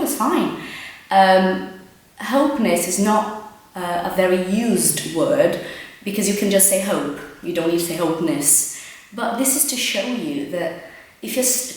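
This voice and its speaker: A woman teaching English in a chatty, explanatory way, giving examples as she goes. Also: deep voice. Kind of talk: casual English lesson commentary. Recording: very echoey room.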